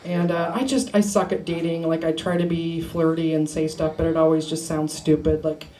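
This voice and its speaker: A woman's voice: low voice, level tone, normal speed, mellow. A woman performing a stand-up comedy set at an open mic, playful and laughing at her own jokes. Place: small bar open mic. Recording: noisy live room recording.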